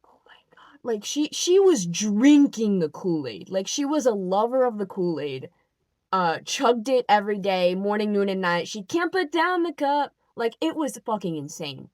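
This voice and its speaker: A young adult woman telling a story in a casual, animated rant, with lots of "like" and "um" and an exasperated edge. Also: mid-range voice, moderate pace, no echo. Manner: animated, filler-heavy, exasperated. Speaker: vlogger.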